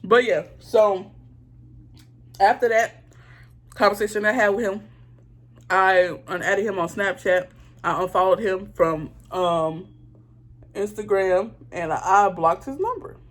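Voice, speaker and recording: A woman's voice: medium pitch, slow, pauses often. Blunt, fired-up woman vlogger. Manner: indignant, blunt and profane, talks straight to viewers. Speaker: beauty vlogger. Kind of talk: casual storytime chat while doing makeup.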